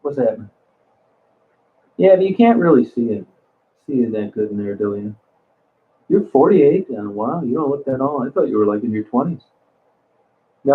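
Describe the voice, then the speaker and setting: Blunt crude guy chatting to his stream viewers, rambly, sounds like a phone line. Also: mid-range voice. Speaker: livestream host. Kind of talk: casual live chat reading comments.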